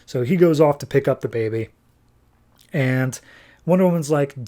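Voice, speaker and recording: A man hosting a comics podcast, recapping story beats in a loose, chatty way. His pitch sits in the middle, nothing showy. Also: moderate pace, pauses often, warm tone. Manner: loose, chatty retelling with fillers like "like". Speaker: podcast host. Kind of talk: casual comic book recap.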